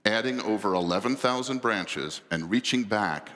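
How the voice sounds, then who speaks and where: A middle-aged man, a company executive, giving a measured, formal, promotional presentation on stage. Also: lowish voice, sharp tone. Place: large convention hall stage. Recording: long hall reverb.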